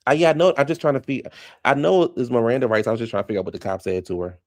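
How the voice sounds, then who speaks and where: Male reality TV commentator, casual vlog delivery, gravelly mid-range voice, rhetorical and incredulous. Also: mid-range voice. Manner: chatty, incredulous, rhetorical questions.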